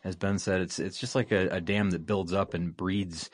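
A man's voice: low-pitched, fairly even intonation, no room sound, studio quality. A man hosting a long-running podcast, explaining things in casual chat with plenty of "you know" fillers. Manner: brisk, explanatory, filler-heavy. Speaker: podcast host.

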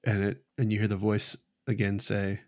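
Man, game master, low gravelly voice, flat delivery, slow halting narration. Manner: slow, halting storytelling with many restarts.

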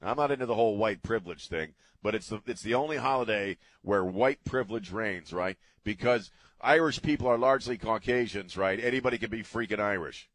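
Low-voiced ranting talk radio man. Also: a little fast, few pauses, fairly bright tone. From United States. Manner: sarcastic, ranting, swears casually. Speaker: radio talk show host. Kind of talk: opinionated talk radio monologue. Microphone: studio broadcast mic.

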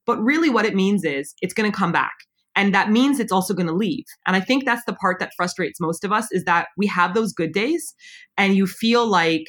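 A woman's voice: medium pitch, animated, fairly bright tone. A woman in her thirties co-hosting a casual chat, talking about her own life and acting out what people say. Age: 30s. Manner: quick, chatty, acts out quoted thoughts.

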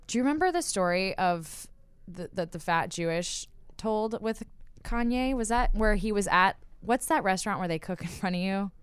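Woman, podcast host, bubbly, giggly, casual chat, smooth clear voice, dry studio sound. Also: medium pitch, animated, normal speed, no room sound. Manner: bubbly, laughs often between words.

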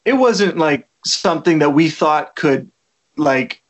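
A man chats loosely as the guest in a relaxed interview. His voice sits a little above the usual male range. He rambles with plenty of fillers. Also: fairly high pitch, slow. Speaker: musician guest. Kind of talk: casual interview chat. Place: lives in Toronto.

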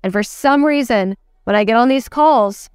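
Brief: hesitant saleswoman, worn down and unsure, smooth dry voice, played by a female coach in a role-play. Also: fairly high pitch, a little mellow, no room sound, natural voice. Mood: frustrated. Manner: hesitant, halting, self-doubting. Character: struggling frustrated female salesperson, adult.

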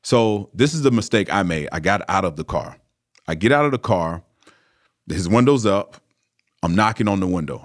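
A man in his thirties or older, a former pro football player, telling a story as an interview guest in a casual, animated way, with lots of "you know" fillers and restarts. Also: on the low side, moderate pace. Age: 30s or older.

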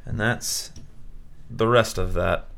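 A man acting as game master for a tabletop game, calmly explaining the rules and the outcomes of rolls. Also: fairly low pitch, takes it slowly, vocal fry.

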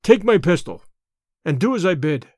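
Tarzan, a man reading calm and formal. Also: high-pitched, no echo, studio quality. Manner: measured, formal and composed. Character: calm, chivalrous jungle-raised gentleman, adult male.

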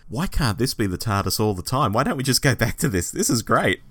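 A man co-hosting a podcast in casual review chat, jokey and animated. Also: medium pitch, brisk, slightly rough, no echo. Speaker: podcast co-host.

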